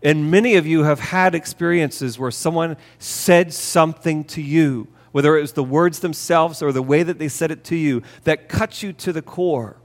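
A man with a slightly higher-than-usual voice preaches a sermon in an earnest, emphatic way, repeating key phrases to drive them home. His voice rings out with the long reverb of a church sanctuary. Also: moderate pace, few pauses. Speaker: pastor. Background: hall reverb.

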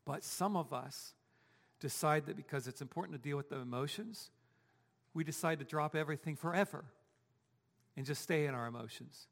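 A male pastor with a creaky, fairly bright, fairly high voice preaches at a moderate pace in a church sanctuary. A long reverb tail follows his speech. He stays conversational and asks the congregation rhetorical questions.

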